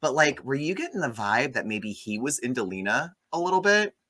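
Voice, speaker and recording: A man hosting a casual movie review chat, sarcastic and animated, mocking the film with quick impressions. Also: mid-range voice.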